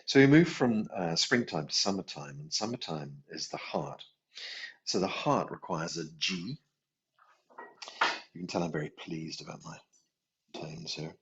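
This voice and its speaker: A man teaching a healing class, gently guiding breathing and chanting tones. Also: low voice, animated, vocal fry, highs cut off. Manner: slow, gentle guidance with sung tones. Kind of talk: guided meditation class.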